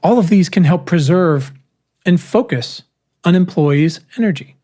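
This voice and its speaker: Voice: medium pitch, expressive, measured pace, dark tone. A podcast host reading their own essay aloud in an earnest, emphatic way, with casual wry asides.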